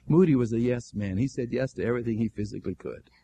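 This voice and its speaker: A man preaching a sermon as an animated storyteller, acting out the dialogue with fervent exclamations. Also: medium pitch, fast talker, a little hiss or hum.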